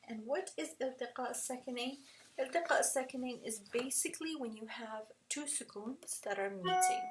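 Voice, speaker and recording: A woman's voice: fairly high pitch, distant mic, slight background noise, rough recording. Patient woman teaching at a whiteboard. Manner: patient, checks in with "right?". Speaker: tajweed teacher. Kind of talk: explaining at a whiteboard.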